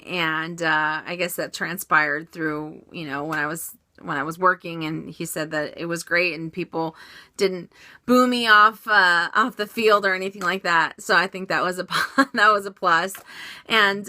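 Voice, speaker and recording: Brief: woman vlogger, bright lowish voice, dry close sound, chatty Q&A. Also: no echo. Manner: chatty, upbeat, many fillers and restarts. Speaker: vlogger answering viewer questions. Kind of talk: casual Q&A vlog.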